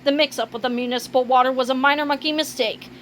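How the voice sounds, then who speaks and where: A woman performs a pompous, scheming male monkey scientist from a storybook, boasting of his grand plan in a high, self-important voice. Faint noise sits behind the reading. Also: fairly even intonation, fast, fairly bright tone. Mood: explaining.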